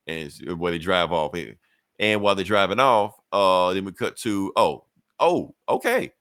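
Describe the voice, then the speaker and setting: Low-voiced man retelling a comic. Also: expressive, measured pace, fairly bright tone, no echo, studio quality. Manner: loose, profane, chuckling retelling. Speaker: podcast host. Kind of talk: casual comic book review chat.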